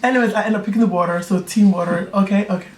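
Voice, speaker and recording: A young man tells friends a personal story in casual chat, animated and chatty, often checking in with his listeners. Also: sits high, very fast, recorded from a distance. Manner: animated, chatty, keeps asking "do you know what I mean". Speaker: YouTuber telling a personal story. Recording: echoey room, voice off-mic, faint hiss.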